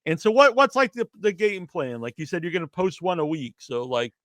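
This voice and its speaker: A man hosting a podcast, chatting easily with his guest and answering with quick laughs and short yeses. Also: sits high, big pitch swings, a bit bright, no echo, studio quality. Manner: easygoing, quick affirmations and laughs. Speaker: podcast host. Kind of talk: casual interview chat.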